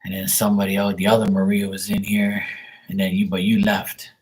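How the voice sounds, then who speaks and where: A man's voice: low voice, completely flat delivery, fairly quick, a little mellow, breathy edge, low-quality recording. A man hosting a live stream, telling loose, profane stories in casual chat and laughing at his own jokes.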